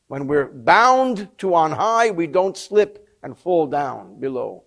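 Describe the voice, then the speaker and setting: High-voiced man teaching a text. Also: slow, vocal fry, few pauses. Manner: expressive storytelling, explains Hebrew terms in English. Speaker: Torah teacher. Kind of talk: textual study lesson with storytelling.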